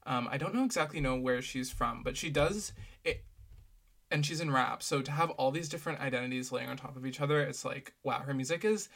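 A man hosting a podcast, explaining ideas in a relaxed, hesitant way with lots of fillers. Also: medium pitch, a little fast, gravelly. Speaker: podcast host. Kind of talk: casual educational chat.

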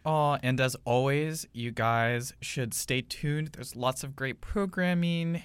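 Slow, smooth-voiced young man on campus radio. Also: medium pitch, no echo. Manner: easygoing, unhurried, laughs along. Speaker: co-host of a campus radio show. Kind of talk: casual radio chat. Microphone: studio microphone.

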